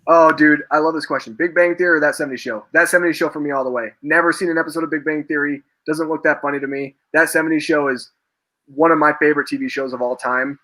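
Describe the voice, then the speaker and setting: Excited young man, a bit high. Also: fast talker. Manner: excited, laughing, acts out quoted lines. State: voice cracking from talking a lot. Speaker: host. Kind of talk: casual live-stream chat.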